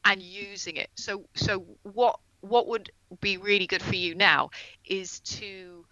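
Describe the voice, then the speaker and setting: A woman guest on a podcast, explaining astrology in a casual, earnest way and slowing down on key terms. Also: medium pitch, steady tone, bright, forceful tone, dry recording, muffled recording.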